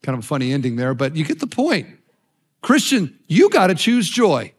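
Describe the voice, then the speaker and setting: A man's voice: a little high, wildly swooping pitch, moderate pace, breathy edge. A man preaching a sermon as a pastor, telling stories with animation and urging his listeners on.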